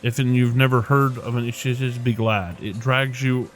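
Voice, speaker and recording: A gruff ex-ranger woman with an Irish lilt, blunt and wry, full of folksy slang, as a man puts her on. She speaks at a middling pitch over faint game music in the background. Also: steady tone, moderate pace, lightly acted. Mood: chatty. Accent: Irish, put on.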